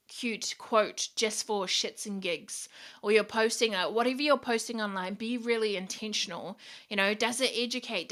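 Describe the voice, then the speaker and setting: Bright-voiced woman, blunt and swearing. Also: on the high side. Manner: blunt, frequent swearing, upbeat and direct. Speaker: podcast host. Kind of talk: casual motivational podcast talk.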